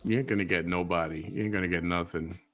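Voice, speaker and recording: A man's voice: deep voice, fairly even intonation, fast talker, soft background music. A man hosting the show delivers joking commentary in a teasing voice, mimicking an announcer. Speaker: show host.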